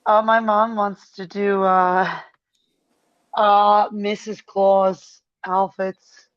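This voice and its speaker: A woman chats casually in a mid-range voice, relaxed and unhurried, mostly giving brief replies. Her speech is plain and easygoing. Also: mid-range voice, lo-fi sound. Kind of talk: casual chat.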